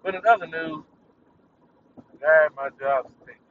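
A man's voice: a little high, a little slow, far from the mic, narrow, tinny audio, a little hiss or hum. A young man ranting casually, irritated and swearing, breaking into laughter at his own jokes. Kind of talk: casual venting monologue.

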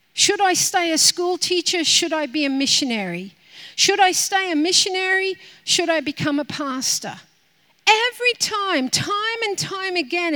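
A middle-aged woman pastor preaching a sermon, animated, acting out her own prayers to God. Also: extremely high pitch.

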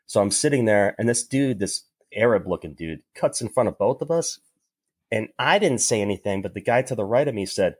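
Low husky man from New York, dry close sound, crude joker in casual chat. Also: expressive, brisk, dry recording. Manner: crude, joking, laughs often. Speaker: podcast co-host.

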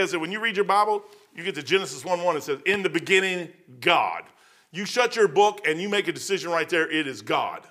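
A man in his fifties or older preaches in a loose, rambling, conversational way, stopping to hunt through his notes. His voice sits a little high and rings bright and forceful, and he slips into the people in his stories as he tells them. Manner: acts out the people in the stories with quick changes of voice. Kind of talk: informal sermon.

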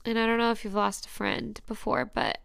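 A woman's voice: fairly high pitch, little pitch movement, brisk, vocal fry, fairly bright tone, clean tone, dry recording, studio quality. A young woman hosting a personal faith podcast, earnest and emotional, often dropping to a whisper. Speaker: podcast host.

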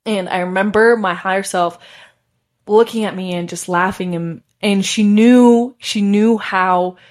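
A woman's voice: fairly low pitch, darkish tone. A young woman hosting a podcast, telling a personal story in a casual, chatty way with many fillers and frequent laughs. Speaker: podcast host.

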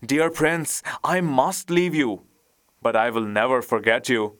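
A man's voice: medium pitch, animated, a little slow, fairly bright tone, clean tone. A man voicing a small, kind-hearted male swallow in a storybook, speaking tenderly and pleadingly.

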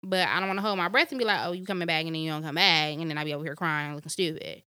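A woman's voice: low-pitched, racing, smooth, no echo, studio quality. A young woman co-hosting a podcast, telling candid stories in casual chat and acting out the quotes. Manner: candid, animated storytelling with acted-out quotes. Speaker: podcast co-host.

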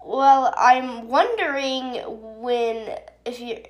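A woman's voice: high voice, drawn-out words. A woman voicing a shy young female dragon student in her storybook, speaking earnestly.

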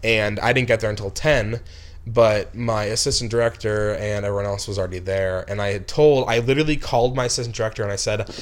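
A man's voice: fairly low pitch, steady tone, fast talker. Rambling young man telling a story. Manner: rambling, heavy with "like" and restarts, flares into angry outbursts. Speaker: film director. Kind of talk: casual storytelling.

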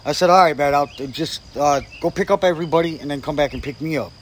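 A man's voice: a little high, fast talker, a little hiss or hum. A man telling a story in casual chat, swearing freely and acting out what people said. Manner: profane, acts out quoted people. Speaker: guest storyteller.

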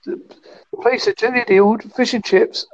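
A man's voice: extremely high pitch, fairly even intonation, normal speed, dry recording, highs cut off. A man from the United Kingdom chatting online with dry, playful jokes. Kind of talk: casual online voice chat.

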